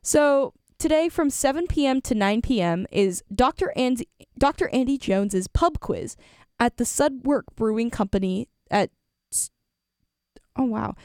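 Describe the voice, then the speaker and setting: A woman's voice: a little high, expressive, unhurried, darkish tone, dry recording, studio quality. A young woman, a college radio DJ chatting casually on air, rambling with lots of fillers and self-corrections. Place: radio studio.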